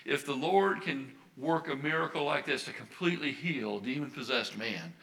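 A man's voice: mid-range voice, lively intonation, normal speed, a bit bright, poor audio. An older American man, a Baptist minister, preaching a sermon earnestly and repeating his key phrases for emphasis. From United States.

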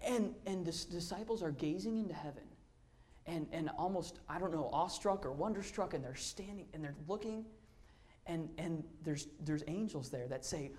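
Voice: medium pitch, expressive, moderate pace. A lay preacher giving a verse-by-verse sermon, earnest and emphatic, often restarting with repeated "and, and" and reading scripture aloud in old-fashioned wording. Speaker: lay preacher in a church service. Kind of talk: sermon, verse-by-verse Bible teaching.

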